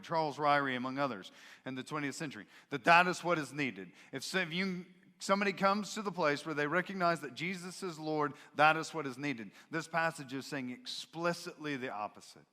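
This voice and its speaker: A male pastor delivering a sermon with a bright, forceful tone, pitched a bit above the usual man's voice. He preaches expressively and leans into the quoted voices for emphasis. His voice rings with a long reverb from the church sanctuary. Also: brisk.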